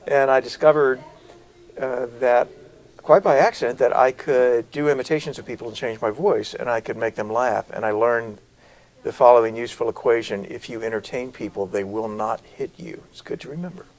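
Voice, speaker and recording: A middle-aged man from South Carolina, an actor telling stories as a guest in an interview, with lively, varied delivery. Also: mid-range voice, moderate pace, rough recording. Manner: animated storyteller, varied delivery. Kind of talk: interview conversation.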